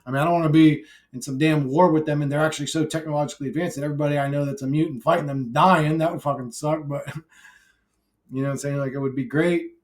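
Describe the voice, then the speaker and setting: A man ranting alone to camera in a vlog, brash and profane, swinging from shouted outbursts to low mumbled asides; he says he is high while filming. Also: steady tone, quick pace. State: intoxicated. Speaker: YouTuber.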